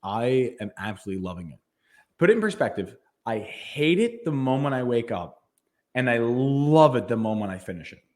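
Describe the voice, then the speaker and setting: A man co-hosting a casual podcast chat speaks in an emphatic, persuasive, motivational way. His medium-pitched voice is sing-song and darkish, at a moderate pace.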